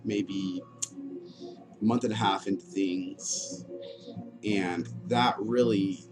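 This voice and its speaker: A low-pitched man in his thirties speaks a candid personal monologue. He is halting and frank, with many fillers and restarts. Music plays clearly behind him. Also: fairly even intonation. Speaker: vlogger telling his life story. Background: music playing.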